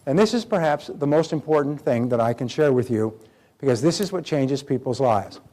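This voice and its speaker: A man giving a live motivational seminar talk, animated, acting out quoted dialogue. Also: mid-range voice, moderate pace. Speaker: motivational speaker.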